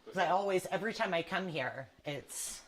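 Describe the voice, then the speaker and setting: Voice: mid-range voice, moderate pace, fairly bright tone. Uneasy medium rambling through a church basement. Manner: rambling, filler-heavy, uneasy. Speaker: psychic medium on an investigation. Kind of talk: paranormal walkthrough narration.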